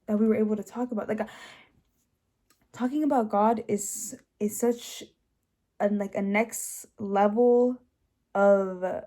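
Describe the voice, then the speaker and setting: A woman's voice: mid-range voice, mellow. A young woman telling her personal testimony in a casual, earnest way, full of fillers and restarts. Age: young adult. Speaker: host sharing her testimony.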